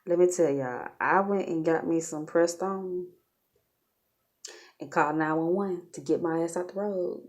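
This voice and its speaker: Woman with a real low voice, chatty vlog talk, keeps saying stuff right to the viewers, laughs a lot. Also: unhurried, darkish tone. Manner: chatty, addresses viewers directly, laughs often. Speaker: vlogger. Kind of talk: casual storytelling vlog.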